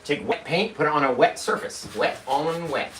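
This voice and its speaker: A man's voice: on the high side, moderate pace. A man hosting a live painting tutorial, chatty and upbeat, walking viewers through each step. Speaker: painting instructor. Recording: roomy, distant mic, faint noise.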